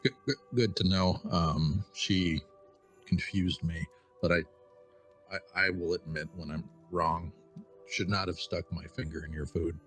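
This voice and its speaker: Very deep deadpan male player. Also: unhurried, faint music behind. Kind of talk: in-character tabletop play.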